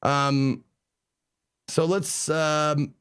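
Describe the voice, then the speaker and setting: A man streaming a game live, chatting excitably, swearing casually and reading the game's text aloud. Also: on the high side, very slow, smooth. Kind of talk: live let's play commentary.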